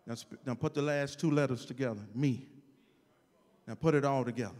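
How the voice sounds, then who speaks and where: Mężczyzna, gościnny kaznodzieja w kościele, wygłasza kazanie, raz wykrzykując, raz przechodząc w cichy szept, i zwraca się do zgromadzenia. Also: male voice, mid-range voice, a little fast. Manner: shouts then drops to a soft hush; calls to the congregation. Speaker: guest preacher. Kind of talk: sermon. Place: church sanctuary. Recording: long hall reverb.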